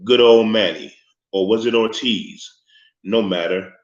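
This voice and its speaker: A man reading a novel aloud in steady, measured scripted narration. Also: fairly low pitch. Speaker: audiobook narrator. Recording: echoey, slightly muffled room recording.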